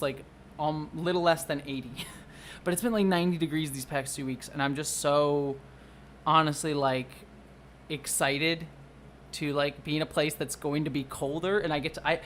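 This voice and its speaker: Excitable rambling livestreamer. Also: medium pitch, normal speed, slight background noise. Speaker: livestreamer and video producer. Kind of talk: casual livestream chat. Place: at home under a blanket.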